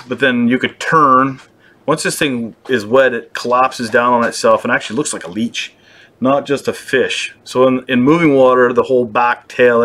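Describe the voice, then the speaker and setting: A young man from British Columbia, Canada, hosts a fly-tying show with a mid-range, slightly bright voice. It's a casual, joking tutorial, and he makes playful, self-mocking jokes as he works.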